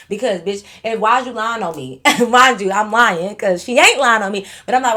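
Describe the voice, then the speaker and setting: A young woman vlogger bluntly telling a storytime tale, animated and full of profanity. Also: mid-range voice, quick pace, few pauses. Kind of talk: storytime vlog.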